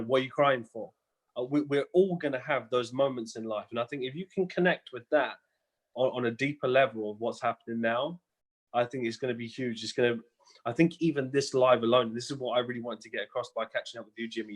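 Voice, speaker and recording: Quick-talking motivational male host. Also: mid-range voice. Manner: encouraging, motivational. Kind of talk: live-stream conversation.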